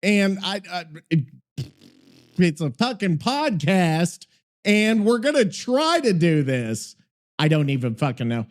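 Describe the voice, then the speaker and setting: A man's voice: sits high, big pitch swings, slow. A man hosting a podcast in loose, profane, rambling chat, often exasperated and yelping. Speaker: podcast host. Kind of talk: casual chat.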